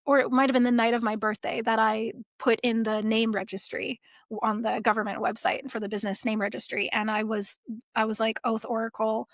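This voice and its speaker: A young woman, a podcast guest, telling a personal story in a casual, animated way, laughing often and saying "like" a lot. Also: fairly high pitch, brisk, no room sound, studio quality. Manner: animated, laughs often, many likes and restarts.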